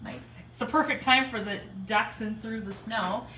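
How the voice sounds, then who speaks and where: A woman's voice: a little high, steady tone, moderate pace, sharp tone, a little hiss or hum. Chatty woman greeting viewers in an echoey room. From Michigan, United States. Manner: chatty, greets viewers by name, laughs often. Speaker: craft livestream host. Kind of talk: casual live craft stream, greeting viewers. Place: home, snowy day. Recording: echoey room, speaker a bit far from mic.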